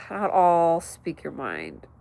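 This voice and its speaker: Speaking very slowly in a deep voice with vocal fry, a woman hosts a relaxed night stream from her mother's house with no echo. She rambles and reads the chat aloud, laughing often and occasionally shouting in excitement.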